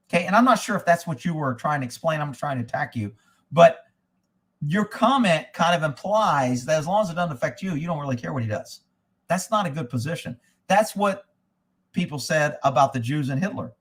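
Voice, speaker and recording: A man with a somewhat higher voice for a man, talking off the cuff as he answers viewer comments. He is blunt and opinionated and swears freely. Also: expressive, brisk. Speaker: host reading viewer comments. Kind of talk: casual live commentary.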